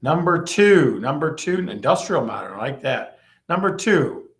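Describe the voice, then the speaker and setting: A man hosting a live stream, teasing viewers and repeating his questions to the chat in a lively way. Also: mid-range voice, moderate pace.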